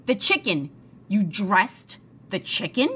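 A woman's voice: medium pitch, very animated, slow pace, fairly bright tone, slight background noise. A woman voicing a fussy, easily dismayed lady of the house in a storybook reading. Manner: exclaiming, dismayed.

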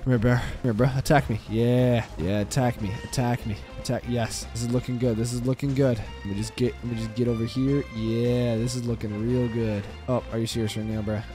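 A young man giving excitable, frustrated commentary while playing a game. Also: medium pitch, fairly quick, few pauses, music in the background. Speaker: gaming video creator.

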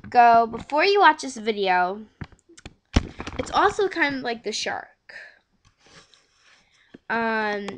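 A woman talking casually to her viewers in a slow, meandering way, full of ums and repeated words. Her voice sits on the higher side. A faint hiss runs under the recording. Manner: rambling, many fillers and repeated words. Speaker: vlogger. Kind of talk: casual home video chat.

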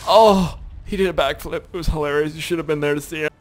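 A man's voice: on the high side, fairly even intonation, fast talker, faint music behind. A young man doing rambling, joking let's play commentary, swearing often as he plays. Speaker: gaming YouTuber.

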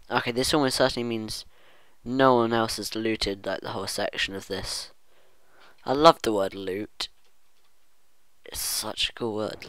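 This man's voice is on the low side and steady, a little slow and a bit bright, in a dry recording. Hosting a gaming channel, he talks through his own play in loose let's-play style, musing to himself and humming from time to time.

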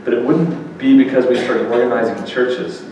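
A man preaches to a live audience in a loose, conversational way, tossing questions to the room. His voice sits at a middling pitch. The recording is distant and washed in long hall echo, with a faint murmur of room noise underneath. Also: normal speed, a little mellow. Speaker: speaker at a faith event. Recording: echoey hall recording from far off.

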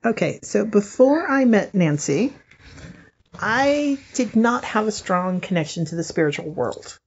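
A woman co-hosting a podcast, telling a story in a lively way and laughing often. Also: mid-range voice, unhurried, muffled recording, slight background noise. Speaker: podcast co-host.

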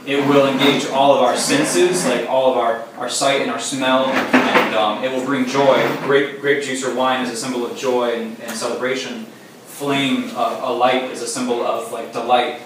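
A man teaching a small group in a relaxed, casual way, with frequent fillers as he explains. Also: mid-range voice. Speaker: teacher leading a Sabbath demonstration. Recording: very echoey room, distant mic, faint noise.

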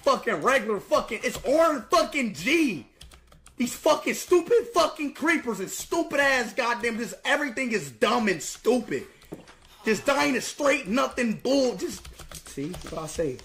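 A man's voice: very high voice, very animated, unhurried, pushed and bright. A young man livestreaming a video game, ranting in frustration with heavy swearing and stammered restarts, on a headset mic. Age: young adult. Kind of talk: live gameplay commentary.

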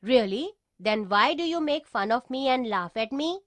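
A woman voicing a young schoolboy from a children's storybook, his voice set fairly high. He is hurt and quiet at first, then grows firm as he stands up for himself. It is read close to the mic with no room sound. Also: expressive, slow pace, no room sound. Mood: gentle. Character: upset young schoolboy with curly hair.

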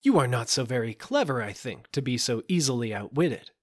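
A man's voice: mid-range voice, lively intonation, a little fast, natural voice. A man doing a clever, confident young squire. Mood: sly. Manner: smooth, confident and teasing.

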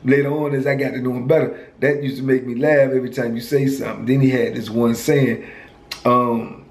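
A man's voice: medium pitch, flat delivery, brisk, echoey room, low-quality recording. Laid-back man telling a story. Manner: laid-back street slang, lots of "you know" and "man". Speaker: storyteller, former prisoner. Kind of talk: casual storytelling.

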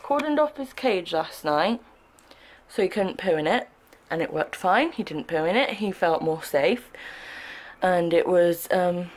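A young woman chats casually at home for her vlog. Her pitch rises and falls in lively swings, and she takes her time with each phrase. She keeps cooing fondly at her new puppy. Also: a little slow. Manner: affectionate, coos at the puppy. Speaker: vlogger and dog owner. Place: at home indoors.

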